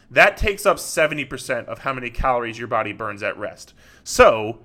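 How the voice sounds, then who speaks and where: A man's voice: medium pitch, bright, forceful tone. A man who works as a fitness coach, talking straight to the listener in an earnest solo podcast monologue.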